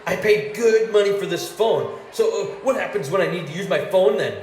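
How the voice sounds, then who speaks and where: A man putting on the voice of an irate phone customer, ranting and complaining ever higher. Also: expressive, a little fast, a little mellow. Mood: whiny ranting. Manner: ranting, complaining, rising pitch. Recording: roomy ambience with faint noise.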